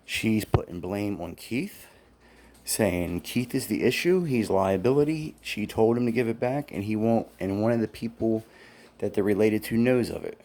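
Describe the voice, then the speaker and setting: This man, a former employee, tells his own story casually, angry over how he was treated and quoting others' words to him with blunt profanity. His voice is lowish and dark-toned, expressive, and moves at a moderate pace.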